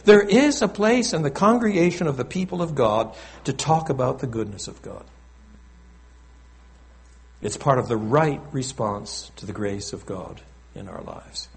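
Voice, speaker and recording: Animated male preacher, lively pitch. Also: unhurried, gravelly. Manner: animated, conversational preaching with asides to the congregation. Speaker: pastor. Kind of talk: sermon.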